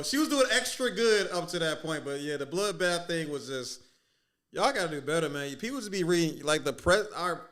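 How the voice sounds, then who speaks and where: A man's voice: a little high, fairly bright tone. A man hosting a livestream, giving casual, slangy reaction commentary with incredulous asides. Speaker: livestream host reacting to a debate.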